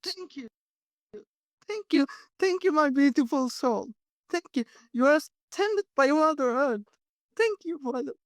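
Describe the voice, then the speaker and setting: Tearful woman with a high, slow voice. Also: expressive, no echo. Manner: emotional, halting speech with many fillers and restarts. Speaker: caller receiving a healing.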